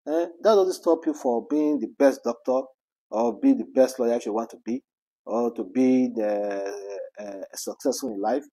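A man's voice: medium pitch, moderate pace, mellow. A man with a Nigerian accent giving casual commentary on celebrity news. He speaks with passion, repeats rhetorical questions and slips into Pidgin.

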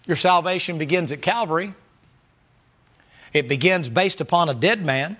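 A man preaching a sermon as pastor, impassioned and rising to high, loud stretches. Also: moderate pace, pauses often.

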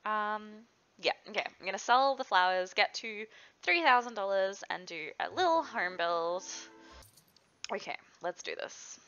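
Young female let's-play host, lively up-and-down delivery, bright edge, slightly dull lo-fi mic. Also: mid-range voice, unhurried, soft background music. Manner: chatty, giggly, talks to her game characters. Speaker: gaming video host. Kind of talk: casual let's-play commentary.

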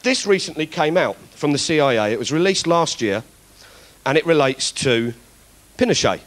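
A man's voice: on the high side, sing-song, moderate pace, a bit bright. A man doing stand-up political comedy, ranting in mock indignation with plenty of swearing. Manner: acts out other people's voices.

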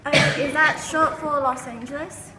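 A woman's voice: high-pitched, fairly even intonation, normal speed, noisy background, close to an everyday voice. A woman playing a young woman who fakes a British accent, eager and bubbly. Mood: chirpy. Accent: fake British.

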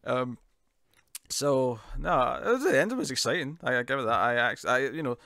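Animated man laughing through a show review. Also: medium pitch, normal speed, creaky, dry recording, studio quality. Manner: animated, laughs a lot, repeats words. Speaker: podcast co-host. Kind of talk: casual review chat.

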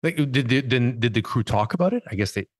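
A man hosting a podcast, asking questions conversationally and halting, repeating words as he frames them. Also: medium pitch, lively intonation, husky, no room sound, clean studio sound. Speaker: podcast host. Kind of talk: conversational interviewing.

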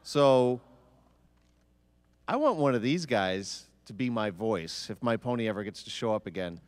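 A man's voice: on the low side, expressive, measured pace, dry recording, big-room sound. A man moderating a convention panel, joking with the audience. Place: large convention hall.

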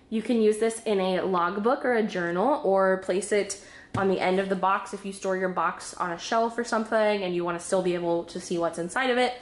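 A woman chatting casually and excitedly while unboxing crafts, a little out of breath, bubbly and giggly. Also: mid-range voice, roomy sound. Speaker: craft vlogger.

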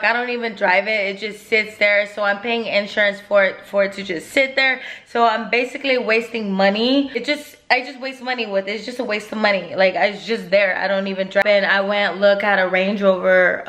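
A woman in her twenties chatting excitedly and nervously in a casual vlog. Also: mid-range voice. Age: 20s. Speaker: vlogger.

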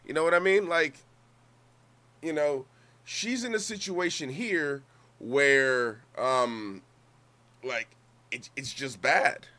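A man's voice: a little high, slow pace, pauses often, sharp tone. A man streaming, talking through a clip in casual, profane commentary, rambling with repeated words and restarts. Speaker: streamer reacting to clips.

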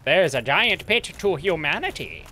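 A man's voice: on the high side, very animated, moderate pace, sharp tone. A man streaming a video game, joking and swearing through casual commentary in a put-on British accent. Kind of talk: live gameplay commentary.

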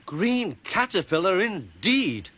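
A man's voice: medium pitch, sing-song, a little slow, a bit bright, a little hiss or hum. A man with a British accent voicing a proud, touchy young male engine who grumbles indignantly, over background music.

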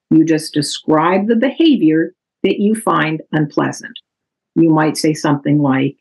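A woman author giving a calm, measured, instructive talk that explains parenting strategies from her book. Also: low voice, slightly rough, poor audio.

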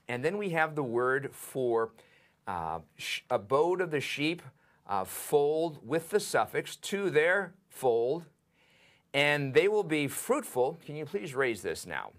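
A man teaching a seminary lesson, translating a Hebrew text word by word in a deliberate, methodical way. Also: on the high side, a bit bright. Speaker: seminary professor. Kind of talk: lecture on biblical Hebrew.

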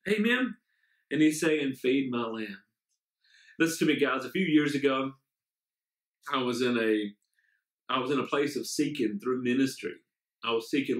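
A man's voice: mid-range voice, normal speed, long pauses. A man, a pastor, preaching an online sermon and praying, fervent and often repeating amen and hallelujah. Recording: echoey room.

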